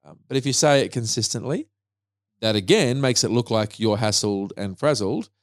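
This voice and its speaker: A man's voice: medium pitch, animated, moderate pace, no room sound, clean studio sound. A man co-hosting a podcast who explains public-speaking tips one numbered point at a time. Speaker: podcast co-host. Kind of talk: casual advice chat.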